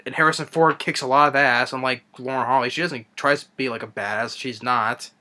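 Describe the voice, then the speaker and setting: A young man ranting through a movie review, exasperated and halting, with many restarts and trailing sighs. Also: medium pitch, fairly even intonation, sharp tone.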